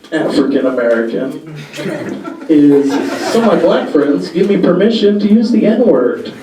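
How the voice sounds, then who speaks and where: A young man performing stand-up comedy in a halting, deadpan way, with many pauses and fillers, on a club stage before a live audience. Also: on the high side, noisy background. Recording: echoey room, far mic, crowd laughter.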